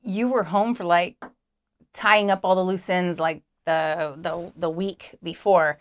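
A woman's voice: on the low side, steady tone, a little slow. A woman in her forties chatting with her husband, playful and teasing, jumping in with her side of the story. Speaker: co-host, speaker's wife. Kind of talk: casual conversational storytelling.

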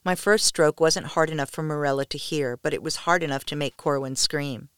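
A woman podcast storyteller reading a first-person story in a soft, intimate manner, often near a whisper, with a gravelly voice. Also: deep voice, fairly even intonation, fairly quick, dry recording, clean studio sound.

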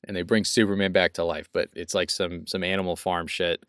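A man's voice: low-pitched, flat delivery, a little fast, a bit bright, dry recording, clean studio sound. A young man co-hosting a podcast, chatting casually and laughing often as he rambles through a movie rant. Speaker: podcast co-host. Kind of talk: casual chat.

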